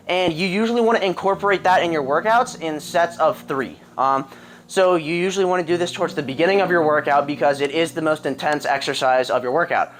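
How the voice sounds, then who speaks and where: A young man giving a casual fitness tutorial at home, rambling with many ums and throat clears. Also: a little high, a bit bright. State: a little out of breath. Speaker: calisthenics coach. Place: home with a pull-up bar.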